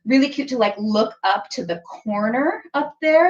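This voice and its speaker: Woman, chatty live-stream host, fairly high voice, dull lo-fi audio. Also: lively intonation, normal speed. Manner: chatty, frequent "like" and "um", bursts of playful sounds. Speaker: sewing pattern designer hosting a live stream. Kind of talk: casual live-stream tutorial.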